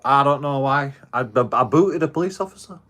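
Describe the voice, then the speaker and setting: A man's voice: mid-range voice, fairly quick, sharp tone. A man, telling a rambling, heavily sworn story in casual livestream chat. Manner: rambling, heavily profane storytelling with frequent restarts. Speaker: live streamer.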